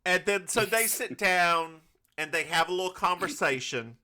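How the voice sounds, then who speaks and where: A man with a Southern US accent co-hosts a podcast, recapping a TV episode through campy, teasing comedic banter. His voice is high, sharp-toned and animated, moving at normal speed.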